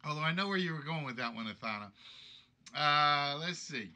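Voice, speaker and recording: A man's voice: a little high, animated, moderate pace, bright, forceful tone. A man hosting a live-streamed game show from home, thinking aloud and rambling as he chats. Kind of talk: casual live-stream chat.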